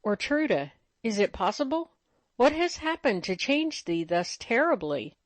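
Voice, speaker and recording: A woman reading a gentle, trembling young bride. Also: lowish voice, unhurried, dry recording. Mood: distressed. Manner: pleading, earnest archaic speech.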